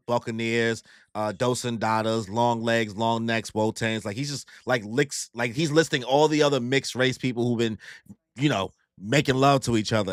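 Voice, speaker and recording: A man's voice: mid-range voice, no room sound, studio quality. A young man casually recapping a manga chapter, telling it in heavy slang and acting out the characters' lines. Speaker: YouTube manga reactor.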